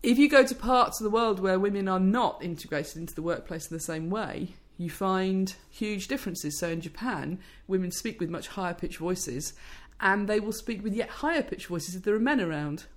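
A woman with a low-pitched speaking voice, explaining speech research in an interview. She talks thoughtfully, often restarting and adding "you know". Her pitch sits in a middle range for a woman. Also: expressive, normal speed, hardly any pauses. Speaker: speech scientist guest.

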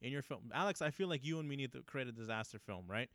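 A young man talking through a movie in loose, animated chat, tossing in "right?" every few lines. His voice is bright and smooth, recorded dry and close with no room sound. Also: medium pitch, quick pace, no echo. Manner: animated, riffing, many fillers and "right?". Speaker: co-host. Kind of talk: casual film review chat.

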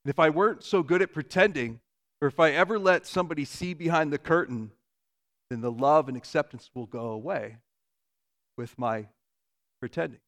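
A man in his forties preaching a sermon in a church, earnest, asking rhetorical questions and dropping to a soft voice for emphasis. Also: a little high, normal speed, pauses often. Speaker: pastor.

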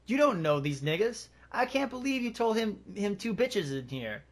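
A man reading out an angry hustler shouting orders. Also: sits high, sing-song, moderate pace, voice pushed up, full character voice. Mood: alarmed, angry. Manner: shouting, streetwise slang.

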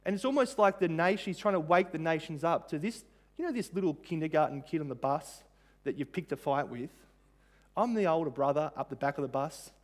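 A man's voice: fairly high pitch, a little fast. A man preaching a sermon in a conversational way, with frequent fillers and rhetorical questions. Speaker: pastor.

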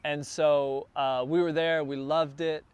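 A man telling a casual travel story, chatty and getting more excited as he goes. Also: on the high side, measured pace, clean tone, no room sound.

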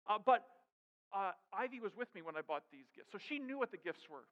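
A man's voice: high voice, animated, brisk, a bit bright. A man preaching a sermon as pastor, with emphatic rhetorical questions. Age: adult with young daughters. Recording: dull sound with long hall reverb.

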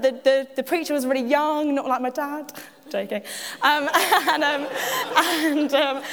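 A woman giving a personal testimony at church, chatty and self-mocking, with frequent laughs and asides to the audience. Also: sits high. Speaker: church speaker. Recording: echoey hall.

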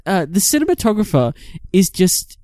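Male podcast co-host, slightly higher voice, dry close sound, meandering film talk. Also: very animated, normal speed, a little mellow, dry recording. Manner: rambling, many restarts and fillers. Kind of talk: casual film review chat.

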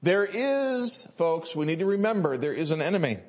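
A man's voice: fairly high pitch, very animated, moderate pace. A male pastor, preaching a sermon and telling a story with many fillers and restarts.

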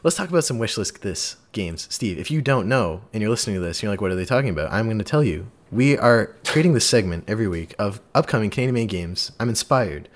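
A man in his twenties hosting a casual podcast, animated and jokey, often restarting his sentences. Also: on the low side, fairly quick, few pauses. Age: 20s. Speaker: podcast host.

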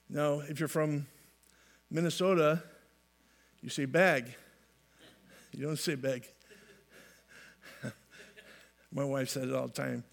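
Man with a high-set voice preaching a casual, folksy sermon with light humor. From California. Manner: folksy, repeats and restarts phrases, light humor. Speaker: pastor.

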